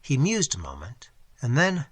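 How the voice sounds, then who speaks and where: A man narrating a classic novel as an audiobook, in an expressive, dramatic reading on a close mic. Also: medium pitch, moderate pace, slightly rough, no room sound.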